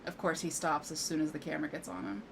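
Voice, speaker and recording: A woman's voice: low-pitched, fairly even intonation, quick pace, gravelly, noisy background. A woman giving casual commentary while playing and fixing game mods at home, swearing freely when things break and chatting to her cat between fixes. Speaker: gaming streamer. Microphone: desk microphone.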